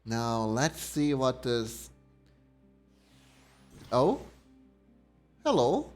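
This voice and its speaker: A young man streaming a game, talking in an unhurried, musing way. He reads menus and text aloud as he plays, with a mid-range voice. Faint game music plays under his talk. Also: mid-range voice, very animated. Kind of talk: casual game commentary.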